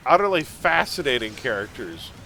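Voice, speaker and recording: A man's voice: medium pitch, very animated, normal speed, gravelly, bright, forceful tone, a little hiss or hum. A man chatting casually while live-streaming a game, laughing often and drifting into pop-culture tangents.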